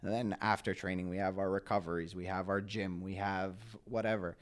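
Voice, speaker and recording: A young man from Canada, a guest on an interview podcast, telling stories in a casual, animated way with lots of fillers. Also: low-pitched, brisk, clear, resonant tone. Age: young adult. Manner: animated storytelling with many "like" fillers. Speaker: guest, pro soccer player.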